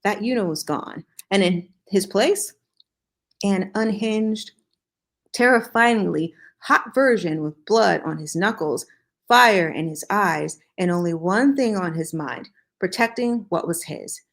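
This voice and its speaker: A woman hosting a show, reading a fan fiction story aloud in a slow, dramatic way and breaking off for joking asides. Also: mid-range voice, fairly bright tone.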